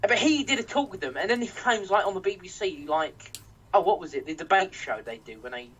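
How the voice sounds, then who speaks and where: A young English podcast host rants in a high-pitched voice with lively intonation, a slightly bright tone, and a breathy edge, talking fairly quickly. He's heated, sweary, and full of restarts, and a distant mic picks up faint noise.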